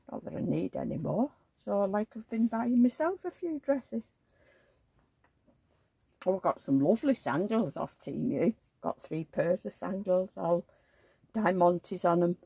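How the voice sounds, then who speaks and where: A woman's voice: mid-range voice, vocal fry, warm tone, husky, dry recording. A woman vlogger in casual chat at home, rambling along and cooing at the dolls she dresses. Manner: rambling, chatty, coos at dolls.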